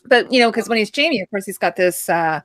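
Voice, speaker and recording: A woman's voice: medium pitch, animated, quick pace, fairly bright tone, dry recording, studio quality. A middle-aged woman hosting a casual live-stream chat, laughing often and reading out viewer comments. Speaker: host.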